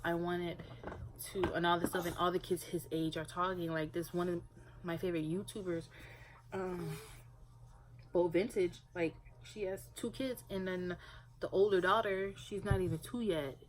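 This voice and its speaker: Lower-voiced young woman rambling to camera. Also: steady tone, moderate pace, low-quality recording. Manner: rambling, many filler words. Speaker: parent vlogger. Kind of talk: casual talk to camera.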